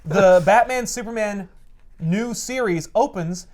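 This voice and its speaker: A man hosting a casual podcast, telling a comic book story in an animated, offhand way with casual swearing. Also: sits high, measured pace.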